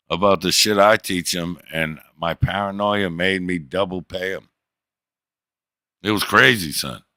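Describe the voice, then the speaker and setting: Hosting a casual livestream, this middle-aged man speaks in a very low register with a bright, punchy bite. He's boastful and crude, teasing the people watching, and the recording sits close to the mic with no echo at all.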